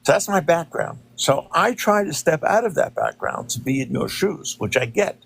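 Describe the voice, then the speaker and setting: Measured man in discussion. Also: on the high side, expressive, creaky, slightly rough. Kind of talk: podcast discussion.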